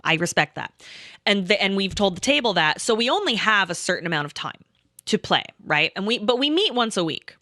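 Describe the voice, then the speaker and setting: A woman in her thirties telling a rambling, animated story in casual chat, swearing often and acting out what people said. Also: medium pitch, brisk, dry recording, clean studio sound. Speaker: storyteller recounting a game night.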